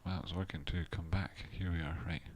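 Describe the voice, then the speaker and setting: On his casual live stream, a trader and channel host rambles and thinks aloud about stock charts, dropping the odd swear word. His voice is low-pitched and steady, fairly quick, with slight background noise.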